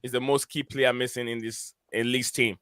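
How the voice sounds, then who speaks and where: A man's voice: mid-range voice, level tone, moderate pace, fairly bright tone, smooth, dry recording. A man hosting a casual live stream, hesitant with many fillers, reading out names from the chat. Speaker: host.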